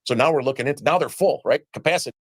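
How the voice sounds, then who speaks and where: This man speaks at a fairly high pitch, with no room sound in the recording. He recounts his own experiences quickly during a played interview, voicing the quoted dialogue along the way.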